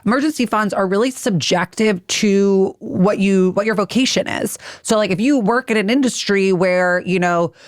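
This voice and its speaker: A woman's voice: mid-range voice, no echo. Chatty woman, dry studio sound. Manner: chatty, quick asides, explains money plainly. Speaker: podcast guest, finance expert. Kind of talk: casual podcast chat.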